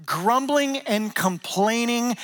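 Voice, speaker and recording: High-voiced animated male pastor. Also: slow pace. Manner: animated, conversational preaching with jokes and acted-out quotes. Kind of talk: sermon.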